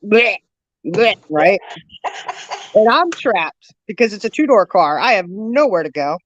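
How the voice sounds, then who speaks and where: A woman's voice: mid-range voice, no room sound. A woman hosting a casual chat, telling a long story with lots of fillers and laughter. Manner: lively, laughing, drawn-out storyteller with many fillers. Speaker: host. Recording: dull lo-fi dry sound.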